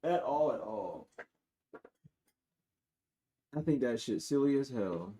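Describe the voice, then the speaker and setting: A man giving a live-streamed tarot reading to his viewers. He is blunt and profane, and he swings between loud outbursts and low muttering asides. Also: expressive, slow pace. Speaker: tarot reader.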